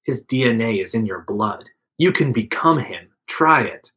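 A man reads a second-person adventure story aloud, giving the quoted lines a bit of extra life. His voice is bright and forward, with a middle pitch. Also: animated, unhurried, low-quality recording. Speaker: narrator reading an interactive story. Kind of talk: reading a second-person choose-your-path story aloud.

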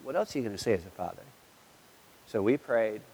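Preaching to his congregation, a middle-aged pastor animatedly recounts a family story and performs his sons' lines. His lowish voice is brisk, gravelly, and slightly rough, echoing with long hall reverb.

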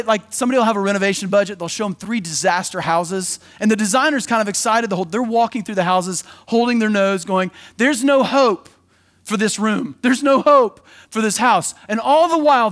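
Male pastor, high-pitched, casual and energetic preaching style. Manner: energetic, conversational preaching with quick acted asides. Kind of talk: sermon.

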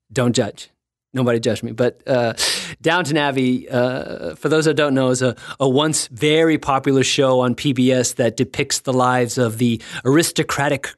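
A man hosting a devotional podcast, talking in an earnest, reflective way with gentle self-mocking humor. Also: mid-range voice, dry recording, studio quality. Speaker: podcast host and ministry founder. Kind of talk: scripted devotional podcast talk.

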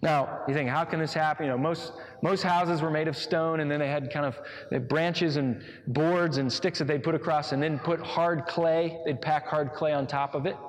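Male pastor, slightly high voice, conversational sermon full of rhetorical questions, big reverberant hall. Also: fairly even intonation, normal speed.

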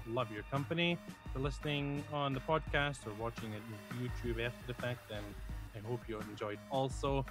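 Male streamer, mid voice, friendly plug, music behind. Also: mid-range voice. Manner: friendly, measured, promotional. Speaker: player and streamer. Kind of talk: sign-off shout-outs.

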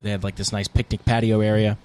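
Low-voiced, fast-talking male podcast host. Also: little pitch movement, a little mellow. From United States. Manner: laid-back storytelling, frequent fillers. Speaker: podcast co-host, band guitarist. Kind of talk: casual chat.

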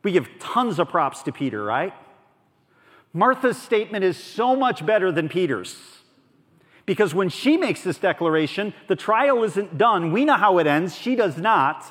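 Pastor, male, slightly high voice; earnest, conversational sermon delivery that swells and drops; long hall reverb. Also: very animated, unhurried, breathy edge. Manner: earnest, conversational preaching that swings between soft and emphatic.

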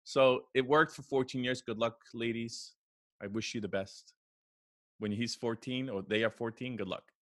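A man in his forties hosts a casual podcast chat with a bright, forceful tone. He rambles through his questions and pokes fun at himself. The sound is dry and close, with no room around him. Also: medium pitch, fairly even intonation, moderate pace, dry recording. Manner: joking, self-mocking, rambling questions. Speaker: podcast co-host.

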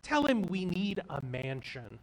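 A man's voice: high voice, very animated, measured pace, creaky, far from the mic, full character voice, poor audio. A man voicing a greedy, domineering fisherman's wife in a fairy tale, scolding and demanding.

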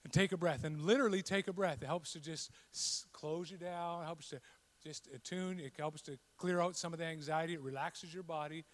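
A man preaching a sermon, telling a scripture story and building to loud, passionate repetition. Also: fairly high pitch, fairly even intonation, a little fast. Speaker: pastor.

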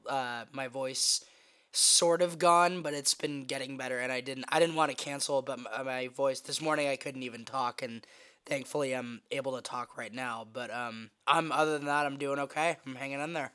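A young man hosting a casual podcast, hoarse and raspy from a cold, rambling with lots of fillers. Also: mid-range voice, steady tone, brisk, fairly bright tone. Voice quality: raspy, sniffly. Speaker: podcast host.

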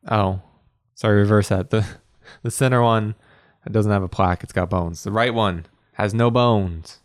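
A man with a fairly low voice talks at normal speed in a casual tabletop role-playing chat, loose, jokey and rambling, often trailing off mid-sentence. The studio-quality recording has no room sound.

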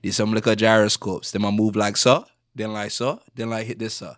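A man demonstrating his strong home Jamaican accent, speaking slowly and pronouncing every word fully. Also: on the low side, little pitch movement, no room sound, clean studio sound, natural voice. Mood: formal.

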